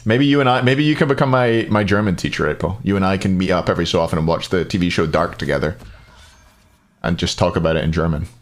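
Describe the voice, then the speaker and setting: A man's voice: deep voice, quick pace. A Scottish man casting a live esports match, joking and chatting with viewers between plays. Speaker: esports caster.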